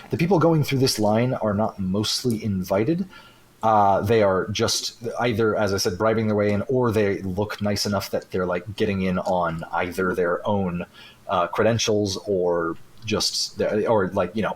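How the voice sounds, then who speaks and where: A man's voice: fairly low pitch, husky. A man narrating as game master of a tabletop game in a rambling way, full of fillers.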